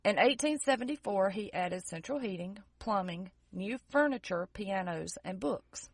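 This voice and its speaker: A woman's voice: mid-range voice, lively intonation, moderate pace, no echo. A woman in an easygoing podcast chat, walking through history from her notes and breaking off for sarcastic jokes. Her voice sits mid-range, recorded dry and close with no room sound. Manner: narrates history from notes with joking, sarcastic asides. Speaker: podcast co-host.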